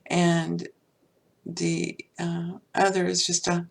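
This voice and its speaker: Older woman with a gravelly, husky voice. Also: lowish voice, monotone, slow. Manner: rambling, heartfelt, many fillers. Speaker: podcast host. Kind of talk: personal spiritual talk.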